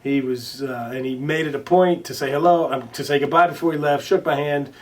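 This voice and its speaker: A man chatting as an interview guest, his voice sitting a bit high for a man and picked up from some distance off the mic. He rambles through his anecdotes, restarting sentences, filling pauses and swearing casually. When quoting others he acts their lines out loudly. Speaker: interview guest, recording artist. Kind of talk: casual storytelling in conversation.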